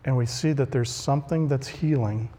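In the long reverb of a large hall, a pastor delivers a sermon in a mid-range, dark-toned voice at a moderate pace. His preaching is conversational, and he acts out the voices he quotes.

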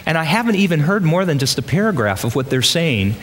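A pastor whose voice sits on the high side preaches in a church, very animated and talking fast, pressing his congregation with rhetorical questions. A little hiss or hum is audible, along with the long reverb of a large hall.

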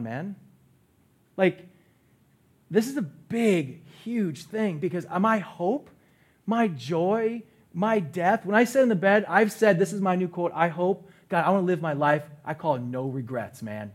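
Animated man preaching a sermon. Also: high voice, a little slow, breathy edge. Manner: animated, swings from loud bursts to quiet asides. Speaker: pastor. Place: church stage.

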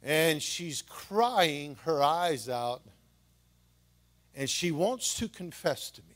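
An older man preaching a live sermon in a church, swinging from hushed, emotional storytelling to impassioned shouting. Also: a little high, very animated, slow pace. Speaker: pastor. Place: church sanctuary with congregation.

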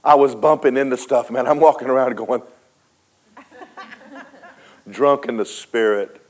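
A man preaching a sermon, telling a story dramatically, switching between loud and hushed and talking straight to the congregation. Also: mid-range voice, fairly quick. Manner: folksy, speaks to the congregation directly.

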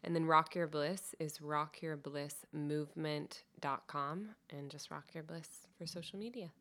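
A woman's voice: low voice, fairly even intonation, unhurried, a bit bright. A woman who is a guest on a podcast, chatting casually and affirming the host. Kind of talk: casual chat.

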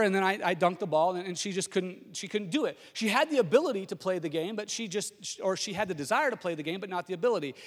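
A middle-aged pastor with a high voice delivers a sermon through a personal story. He tells it in a lively way and often stumbles and restarts his sentences. His voice carries a long reverb from a large hall.

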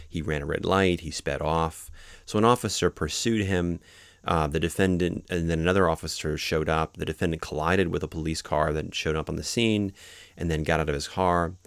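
A man with a very low, gravelly voice talks through legal cases in a relaxed lecture. He explains each point step by step and adds everyday examples to make it clear. The sound is close and dry. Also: no echo. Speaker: podcast host explaining court cases.

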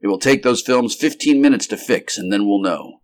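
A man reading the lines of a brisk, commanding male scientist who gives clipped, urgent orders in a storybook reading. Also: fairly low pitch, natural voice.

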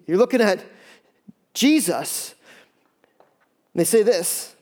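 A man preaching a sermon in a lively, conversational way, with quick asides and acted-out quotes. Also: sits high. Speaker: pastor.

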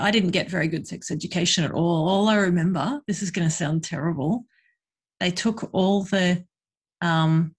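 A woman's voice: fairly low pitch, husky. A woman, a guest in a casual conversation, talking frankly and chattily with lots of fillers. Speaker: guest, sex worker and educator.

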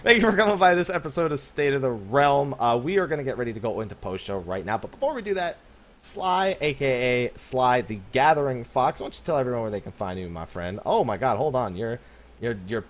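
A man's voice: medium pitch, expressive, brisk. A man co-hosting a casual gaming podcast over a video call, laughing easily. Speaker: podcast co-host.

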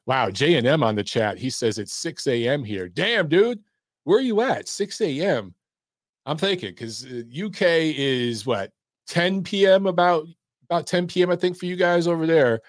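A man's voice: mid-range voice, dry recording, clean studio sound. Blunt, profane man hosting a call-in stream. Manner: blunt, profane and laid-back. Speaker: host of a boxing call-in live stream. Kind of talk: casual live-stream chat, reading chat and taking calls.

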